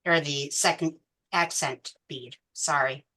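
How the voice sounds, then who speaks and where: A woman's voice: low voice, fairly even intonation, slow, pushed and bright. A woman teaching a beading class step by step, counting beads aloud patiently. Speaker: beading instructor. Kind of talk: step-by-step craft tutorial.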